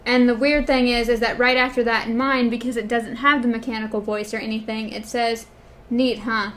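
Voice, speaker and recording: Higher-voiced woman in casual book chat. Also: flat delivery, a little fast, a bit bright. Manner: compares her edition, reads short bits, hesitant. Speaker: podcast co-host.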